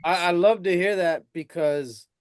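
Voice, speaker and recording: A man's voice: sits high, measured pace, clear, resonant tone, dry recording, clean studio sound. A man who wrestles, a guest in a casual chat, speaking earnestly and from the heart.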